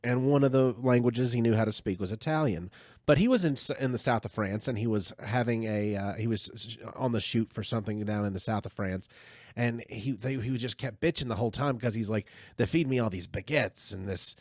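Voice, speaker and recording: A man hosting a podcast, retelling a story in casual chat with an animated, rambling manner. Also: mid-range voice, brisk, no echo. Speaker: podcast host.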